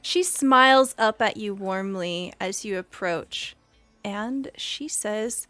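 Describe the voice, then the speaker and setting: A woman's voice: medium pitch, slow pace, fairly bright tone, soft background music. A woman running a tabletop game as game master, describing the scene to her players. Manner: descriptive, scene-setting narration.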